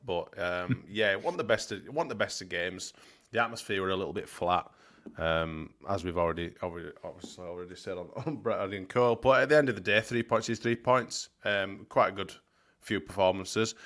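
A deep-voiced man co-hosts a casual football podcast. He talks bluntly and swears freely, circling back over his points. His voice sits low throughout. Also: a bit bright. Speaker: podcast co-host.

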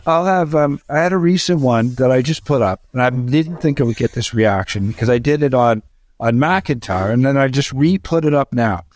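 A man, a stand-up comedian, chatting casually on a podcast in a rambling, animated way with frequent restarts. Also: medium pitch, normal speed, no echo.

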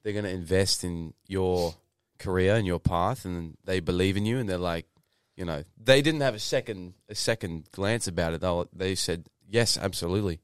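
Young Australian guy, deep and smooth, rambling storyteller, dry close mic. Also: normal speed, few pauses, no echo. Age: 20s. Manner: rambling, lots of fillers and restarts, swears casually. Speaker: podcast guest, actor. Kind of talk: casual interview storytelling.

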